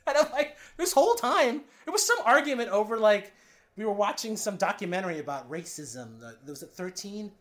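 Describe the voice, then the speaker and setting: This man, interviewed on a podcast, talks a little fast while telling frank stories about his own life. His voice rises into loud, lively bursts and then drops to quiet, low passages, and he swears openly and performs other people's lines.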